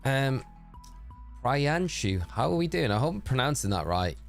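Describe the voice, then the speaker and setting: A man's voice: mid-range voice, sing-song, moderate pace, creaky, soft background music. A man chatting on a live stream, reading out viewer messages and thinking aloud. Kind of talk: casual live-stream chat.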